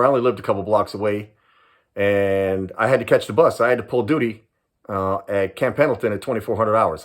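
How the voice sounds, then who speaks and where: Older man, lowish voice, animated storyteller, acts out the voices. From Southern California. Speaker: retired police sergeant and private investigator. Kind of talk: personal storytelling to camera.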